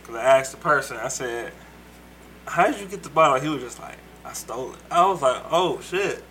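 A man in casual chat, calmly giving his matter-of-fact account. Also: medium pitch, a little fast, crowd noise.

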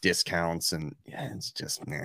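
A man hosting a podcast, talking in a relaxed, rambling way with lots of filler words. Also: low voice, unhurried, no echo, clean studio sound. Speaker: podcast host. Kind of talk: casual chat.

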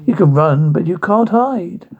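A man's voice: high voice, lively intonation, measured pace, slightly rough, phone-quality sound, full character voice. A man doing a ranting, cursing big bad wolf. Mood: irritable. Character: foul-mouthed grumpy big bad wolf.

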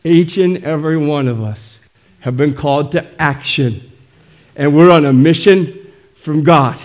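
Emphatic pastor preaching. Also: male voice, on the high side, a little slow. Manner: emphatic, frequent calls of "amen?". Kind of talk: sermon.

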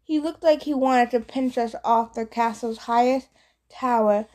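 Brief: woman audiobook reader, slightly high voice, easygoing first-person narration. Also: measured pace, a little mellow. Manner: casual first-person storytelling. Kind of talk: scripted narration.

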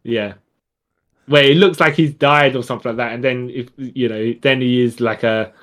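Man, mid-pitched voice, casual, rambling, lots of restarts. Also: fairly even intonation, normal speed, a bit bright. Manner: rambling, restarts a lot, says yeah often. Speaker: podcast co-host. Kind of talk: casual chat.

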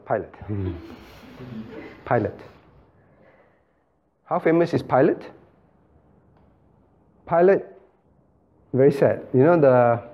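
A man's voice: medium pitch, muffled recording. A male pastor leading an interactive Bible study in a church room, emphatic and questioning, calling on listeners by name.

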